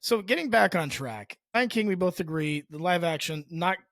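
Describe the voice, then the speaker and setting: Dry, higher-voiced rambling male co-host. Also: lively intonation, moderate pace, fairly bright tone, dry recording. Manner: rambling, restarts and chuckles mid-sentence. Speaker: podcast co-host. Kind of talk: casual movie chat.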